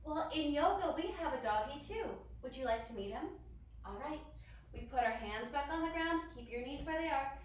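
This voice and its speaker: A young woman's expressive, high-pitched voice moves at a moderate pace as she leads kids through yoga, bubbly and encouraging while making animal noises. She is recorded from a distance in a heavily echoing room.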